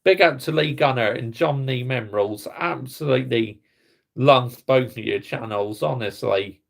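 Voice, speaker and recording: A man's voice: medium pitch, normal speed, gravelly. A man ranting bluntly to viewers on a casual livestream, swearing as he talks football. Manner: heated and blunt, swearing, talking to chat viewers. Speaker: football fan streamer.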